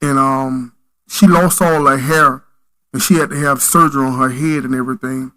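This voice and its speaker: A man's voice: medium pitch, steady tone, normal speed, bright, forceful tone, rough recording. A man as a podcast guest, telling stories in an earnest, preacherly way. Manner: earnest, preacherly, emphatic storytelling. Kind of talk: storytelling in conversation.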